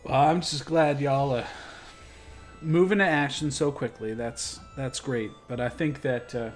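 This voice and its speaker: A man's voice: medium pitch, measured pace, faint music behind. A man playing in a tabletop role-playing game, recapping plainly with some restarts. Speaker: player. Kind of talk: in-character tabletop play.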